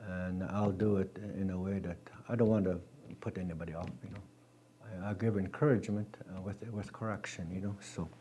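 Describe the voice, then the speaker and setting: A man teaching a language class, patient and gentle, repeating words slowly with many halting restarts. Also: low voice, fairly even intonation, slight background noise.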